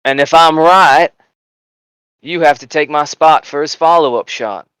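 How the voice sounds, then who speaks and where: Brief: a man playing a blunt, swaggering sergeant for a tabletop game, a little high and smooth. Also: a little slow, fairly bright tone, no room sound, rough recording. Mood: gruff, boastful. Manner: boastful, bullying swagger. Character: gruff blunt male army sergeant.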